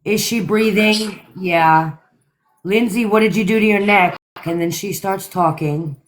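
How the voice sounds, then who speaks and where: A woman on a live stream reading out and summarizing a call transcript in a flat, matter-of-fact way. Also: mid-range voice, a little slow, slight background noise, rough recording. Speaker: live stream co-host recapping a trial. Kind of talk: casual live stream chat.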